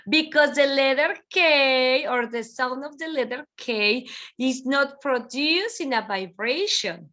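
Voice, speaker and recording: A woman's voice: high-pitched, expressive, unhurried, sharp tone. A woman teaching English pronunciation in an online class, repeating each word several times for her students over a video call.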